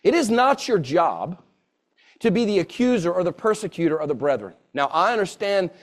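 A man in his forties preaches with a notably high-pitched voice. He is earnest and circles back on his phrases to drive each point home. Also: sing-song, moderate pace. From Southern United States. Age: 40s. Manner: earnest, repeats phrases for emphasis. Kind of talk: sermon.

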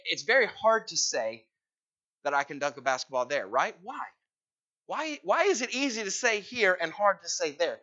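A man's voice: sits high, sharp tone, dull audio. A man preaching a sermon in a conversational way, teasing the congregation with questions. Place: church hall.

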